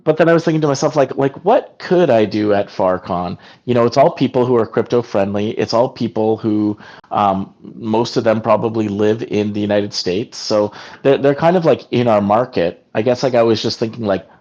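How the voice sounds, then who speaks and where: A man's voice: lowish voice, darkish tone. A man hosting a casual work meeting on a video call, talking in a rambling way full of fillers like "like". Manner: rambling, filler-heavy, frequent "like". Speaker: team meeting host. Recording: dull lo-fi call audio.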